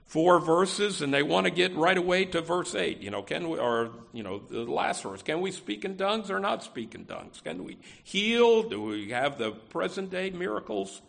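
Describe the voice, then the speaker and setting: A man's voice: fairly high pitch, gravelly, a bit bright. A man preaching a sermon in a conversational way, often saying "you know" and restarting phrases. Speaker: pastor.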